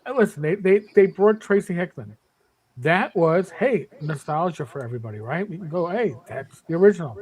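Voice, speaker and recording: Fifties guy on a podcast panel, pretty high voice, stresses his points, restarts a lot. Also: lively intonation, normal speed, a little mellow, poor audio. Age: 50s. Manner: emphatic, repeats words when starting. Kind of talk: casual podcast chat.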